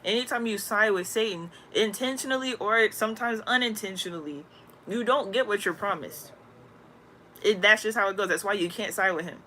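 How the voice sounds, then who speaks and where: A woman in a casual, slang-filled spiritual talk, rambling and animated as she tells stories. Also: medium pitch, fairly quick, a little hiss or hum. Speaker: spiritual content creator.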